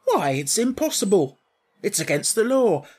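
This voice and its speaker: A man voicing a pleasant, easygoing gatekeeper in a storybook reading, rising high when astounded. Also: big pitch swings, normal speed, a little mellow. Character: hearty, easygoing man guarding a city gate.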